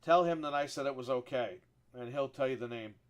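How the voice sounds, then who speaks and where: A male live streamer talks loosely to his chat in a voice that sits at an ordinary middle pitch. He rambles and curses freely. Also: fairly quick. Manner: profane, rambling and animated when telling stories.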